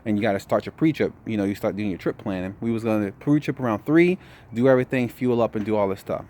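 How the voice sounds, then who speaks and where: A tired young man telling a story in a casual vlog update, relaxed, saying "man" a lot. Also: on the low side, fast. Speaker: trucking vlogger.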